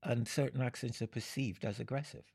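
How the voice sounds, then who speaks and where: An older man speaks in a deeply gravelly, very husky voice, with a rough edge running through his words. He answers audience questions slowly and haltingly, often stopping for a small chuckle. His pitch sits at an ordinary level. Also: fairly even intonation, darkish tone. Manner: unhurried, halting, explanatory, chuckles between points. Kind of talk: Q and A talk.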